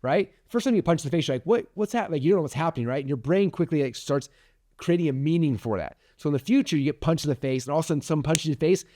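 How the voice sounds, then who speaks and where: A man in his forties giving an energetic, chatty motivational talk as a podcast host, full of "like" fillers. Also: fairly high pitch, racing.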